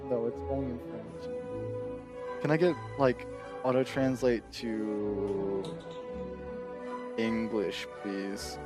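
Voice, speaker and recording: A man's voice: mid-range voice, takes it slowly, pauses often, soft background music. Laughing, rambling male streamer. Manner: laughs often, excitable, rambling. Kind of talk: casual chat on stream.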